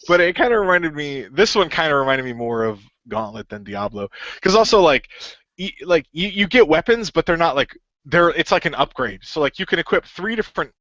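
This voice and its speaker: Rambling man with a lively voice. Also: a little high, normal speed, no echo, lo-fi sound. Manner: rambling, filler-heavy, full of "like". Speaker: podcast co-host. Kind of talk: casual chat.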